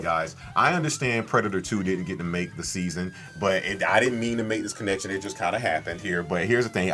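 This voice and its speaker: A man co-hosting a podcast, rambling excitedly about films, swearing often and breaking into loud impressions. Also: lowish voice. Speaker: podcast co-host. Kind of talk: excited film chat.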